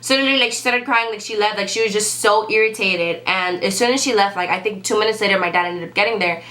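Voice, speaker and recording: Fast-talking bright young woman vlogger. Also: mid-range voice. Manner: chatty, says "like" a lot. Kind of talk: casual storytime.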